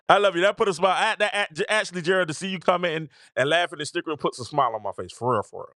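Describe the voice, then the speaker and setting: A man hosting a call-in sports talk show, talking in an animated, exasperated way and often repeating himself. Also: on the high side, quick pace, dry recording, clean studio sound.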